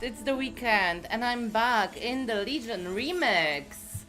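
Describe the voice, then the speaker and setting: A woman streamer with a high voice chats at a relaxed, slow pace while still out of breath. She greets viewers one by one and giggles easily. Faint music plays behind her. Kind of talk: casual live stream chat.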